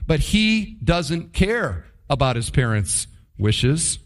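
A man's voice: a little high, wildly swooping pitch, slow, hardly any pauses. A man preaching a sermon, stressing points by repeating phrases and asking rhetorical questions. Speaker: pastor.

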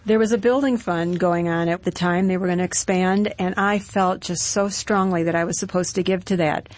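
A middle-aged woman tells her side of a personal story in an interview. She keeps it bright and matter-of-fact, at an ordinary pitch. The recording is dry and close. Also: fairly even intonation, moderate pace, no room sound. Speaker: guest.

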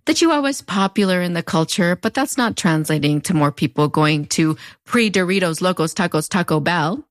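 With a fairly low, expressive voice and a brisk pace, a woman in her thirties or forties narrates a video essay in a Mexican border accent. The clean, echo-free studio recording carries her wry, conversational commentary and playful asides.

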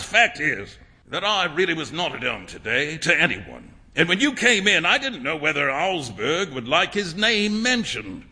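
Guy reading as a breezy amused painter, high bouncy voice, super bright. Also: vocal fry, breathy edge, full character voice. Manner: breezy, lively, laughing. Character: amused, worldly young male painter.

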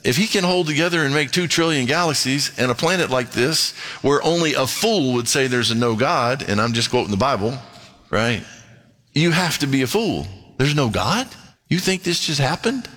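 A man preaching a sermon and reading scripture aloud, with animated pitch swings and quick asides. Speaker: pastor.

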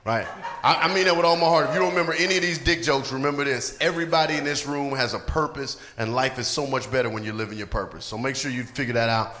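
A man's voice: medium pitch, fast, bright, forceful tone. A male stand-up comedian closing his set, upbeat and direct, talking to the crowd on a handheld mic in a comedy club. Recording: echoey live club with crowd noise. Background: audience laughter and cheers.

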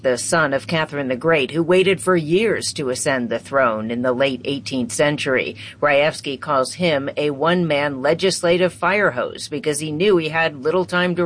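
A woman correspondent reading a scripted radio news report in a measured way. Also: low voice.

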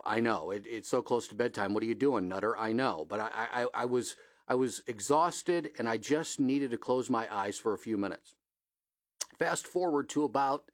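A middle-aged man hosts a radio show in a dry studio, his voice close and unreverberant. He tells stories with energy, pitching up sharply for quoted lines and sprinkling in plenty of "uh" fillers. His voice sits at a medium pitch. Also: no room sound. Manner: animated storyteller, voice jumping high for quoted lines, many "uh" fillers. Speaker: radio host. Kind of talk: casual storytelling and local news.

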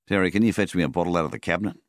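A man voicing a jovial older father spinning a yarn over drinks in a storybook reading, hearty and quick. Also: deep voice, no echo, clean studio sound, voice pushed up.

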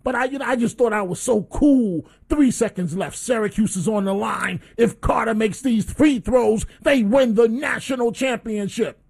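A man hosting a talk radio show, telling a story in an animated way. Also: very high voice, normal speed, creaky, hardly any pauses, slightly rough. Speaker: radio host.

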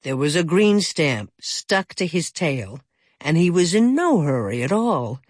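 An audiobook narrator reading a children's story gently and expressively. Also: mid-range voice, big pitch swings, a little slow, no echo, studio quality.

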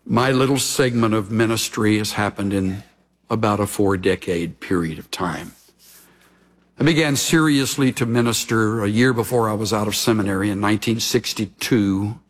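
A man in his sixties, a pastor preaching an expository sermon, teaching verse by verse in a measured, deliberate way. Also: lowish voice.

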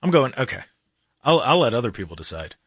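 A man hosting a casual political talk radio show in a studio, animated and mocking, with jokey asides. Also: medium pitch, quick pace, breathy edge, no room sound.

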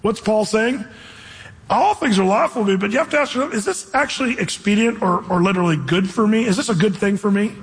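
A man's voice: sits high, fast talker, breathy edge, long reverb tail, low-quality recording. A man preaching a sermon as pastor, speaking emphatically and conversationally and acting out quotes.

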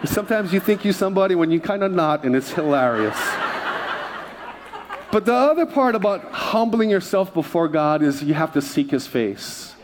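Speaking at a normal pace over some background noise, a man gives an expressive church sermon. His voice sits a bit above the typical male range, and he keeps things relaxed and chatty, joking with the congregation as he moves from point to point.

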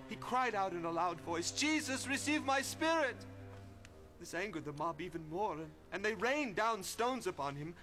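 Man voicing a grieving young messenger, high voice, hushed and shaken, radio drama. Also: lightly acted.

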